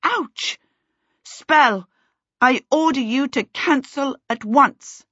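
A woman voicing a grumpy, sharp-tongued young girl in a storybook reading, snappish and bossy. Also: medium pitch, animated, measured pace, dry recording, dull audio. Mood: shouting.

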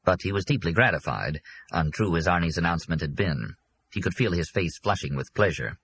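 A man narrating an audiobook with an expressive reading. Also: low-pitched, a little fast, slight background noise.

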